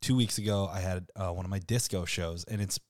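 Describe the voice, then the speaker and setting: A man hosting a loose podcast chat, animated and quick to swear. His voice sits mid-range. The sound is dry with no room echo. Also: sits low. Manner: animated storyteller, swears freely. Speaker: podcast host. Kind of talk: casual chat.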